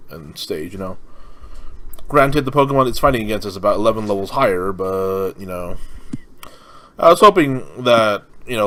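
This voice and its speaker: A man's voice: fairly low pitch, fairly bright tone, poor audio. Rambling young man narrating a game. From California. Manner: rambling, full of fillers and restarts. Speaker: gaming commentator. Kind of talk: casual let's-play commentary.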